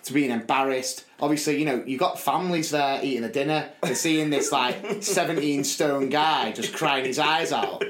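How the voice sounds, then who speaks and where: A man, telling a self-mocking story in a chatty, animated way on a podcast. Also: mid-range voice, moderate pace, few pauses, echoey room. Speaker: podcast co-host. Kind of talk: casual storytelling.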